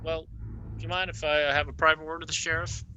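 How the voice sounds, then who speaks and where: A man playing a tabletop game, halting and polite in character, joking out of it. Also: a little high, little pitch movement, bright, forceful tone, slight background noise, low-quality recording. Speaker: player. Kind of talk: casual tabletop role-play.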